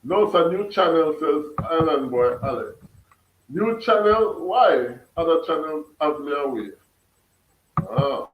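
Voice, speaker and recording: A Jamaican man chats casually on a livestream, laughing and firing questions back at his viewers. His voice sits a little high for a man. He is set back from the mic in an echoey room. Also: expressive, unhurried, far from the mic, phone-quality sound, a little hiss or hum. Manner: laughs often, questions his chat, mixes patois. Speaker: livestream host reading chat. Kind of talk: casual chat.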